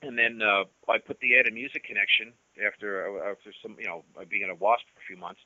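Bright, dry-sounding man telling rambling stories. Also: fairly low pitch, fairly even intonation, quick pace, no echo, lo-fi sound. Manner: rambling, many restarts and "you know". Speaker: guest musician. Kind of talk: casual storytelling interview.

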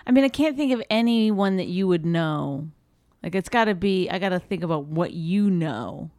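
A woman co-hosting a comedy podcast, bickering and laughing with quick comebacks in a low voice she says can sound like a man's. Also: expressive, darkish tone, no room sound, studio quality. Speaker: podcast co-host. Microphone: studio microphone.

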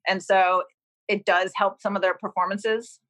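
Female showrunner guest from Massachusetts, middle pitch, loose and rambling. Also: level tone, moderate pace, a bit bright, low-quality recording. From Cambridge, Massachusetts. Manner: rambling, many "like" and "um" fillers. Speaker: TV series creator, guest. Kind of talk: casual interview chat.

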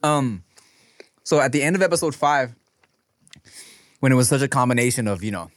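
A man, telling stories with lots of swearing and jumping up into high voices when he quotes people. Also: normal speed, no room sound. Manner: animated storyteller, swears freely, jumps to high voices when quoting people. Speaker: podcast co-host. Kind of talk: casual food podcast chat.

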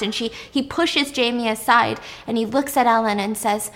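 A young woman casually recapping a film's plot in animated detail, swearing freely as she goes. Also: fairly high pitch, normal speed, hardly any pauses, long reverb tail.

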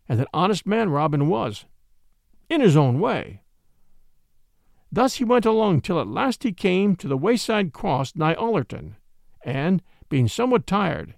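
A male narrator reads an old adventure tale with a lilting, expressive delivery, his pitch rising and falling freely. His voice is a touch high with a gravelly grain, and the recording is close and dry. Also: no room sound. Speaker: audiobook narrator. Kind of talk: storybook narration.

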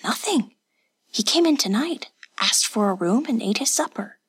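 A woman voicing a nervous, polite male village innkeeper who talks in hushed, anxious tones in an audiobook. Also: on the high side, expressive, normal speed, husky, pitched above the performer's own voice. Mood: nervous whisper. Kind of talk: audiobook narration.

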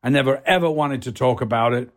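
A man telling a colorful anecdote as an interview guest, theatrical and animated, acting out other people's voices and swearing freely. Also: medium pitch, quick pace. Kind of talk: anecdotal storytelling.

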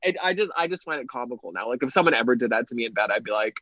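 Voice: mid-range voice, lively intonation, very fast, a bit bright, no echo, lo-fi sound. A podcast guest from Canada, chatting casually with frequent restarts and laughter. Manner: rambling, self-interrupting, laughing storyteller.

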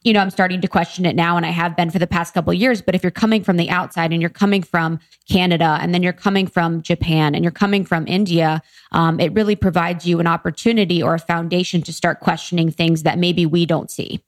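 Thoughtful, slow-musing woman. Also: fairly low pitch, steady tone. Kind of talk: casual podcast interview.

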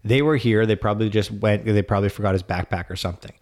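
A man's voice: on the low side, fairly even intonation, quick pace, darkish tone. A man in his thirties casually telling a spooky family story as a podcast co-host, acting out the quoted lines and swearing now and then.

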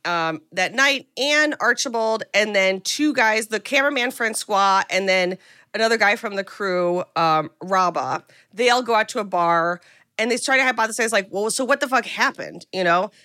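A young woman co-hosting a podcast, retelling a film in casual, animated chat and acting out quotes. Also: medium pitch, normal speed, smooth, no echo, clean studio sound. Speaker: podcast co-host recapping a film.

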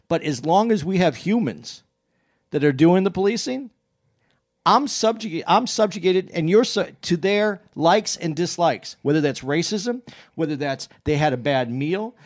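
A man with a slightly high voice tells a story in casual conversation. He rambles, restarts and corrects himself often. He turns lively when he acts out back-and-forth exchanges. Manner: animated when retelling exchanges.

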